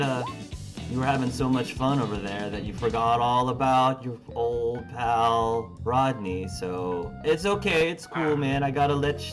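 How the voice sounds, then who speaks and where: A man's voice: medium pitch, natural voice. A man playing a chatty, easygoing young male guitarist in a tabletop role-play, rambling with lots of fillers. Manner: casual, rambling, drawn-out filler words. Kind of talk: tabletop role-play over phone call.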